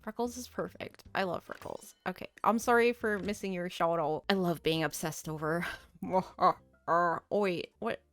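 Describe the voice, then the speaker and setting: A woman's voice: lowish voice, moderate pace, a bit bright, faint music behind. A young woman hosting a gaming channel, chatting playfully through casual gameplay commentary and reading game dialogue aloud.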